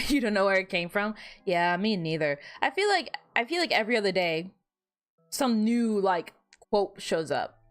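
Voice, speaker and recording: A young woman streamer chatting casually and rambling, her voice a bit hoarse, with lots of restarts and self-deprecating asides. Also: medium pitch, animated, normal speed. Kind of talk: casual livestream chat.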